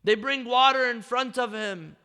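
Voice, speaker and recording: A man with an Iraqi Arabic accent preaches in a community hall, his voice high and bright. He alternates between loud declamation and near-whispers, sometimes chanting. The long reverb of the hall trails behind him. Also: moderate pace, smooth. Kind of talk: sermon storytelling. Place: mosque or community center hall. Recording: echoey hall.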